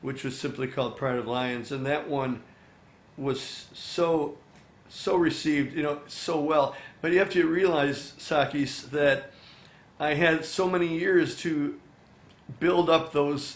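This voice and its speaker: An older man, a songwriter and musician, chatting in an interview from his recording studio, animated and full of "you know" fillers, acting out bits of dialogue as he tells stories. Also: fairly high pitch, reverberant. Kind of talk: casual interview storytelling.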